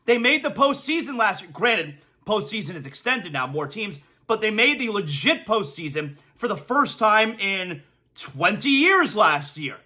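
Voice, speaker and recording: A man's voice: sits high, very animated, measured pace, pushed and bright. A man hosting a sports talk show, ranting emphatically and repeating his punchlines for effect. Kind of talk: opinionated sports talk monologue.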